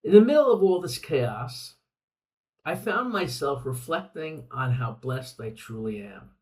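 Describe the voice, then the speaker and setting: A man's voice: medium pitch, animated, measured pace, a little mellow, distant mic, rough recording. An older man hosting a reflective podcast monologue, speaking earnestly and repeating phrases for emphasis. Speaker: podcast host.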